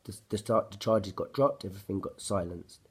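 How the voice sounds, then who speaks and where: A man's voice: on the low side, fairly quick, breathy edge. A man, telling a personal story to camera in an agitated, profane, blunt ranting way. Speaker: vlogger.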